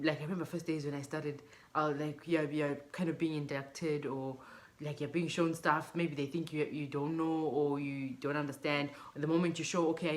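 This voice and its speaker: Low-voiced woman from zimbabwe vlogging, chatty, tells little stories and mimics people. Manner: chatty, storytelling, quotes others in bright mimicking voices. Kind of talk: casual chat to camera.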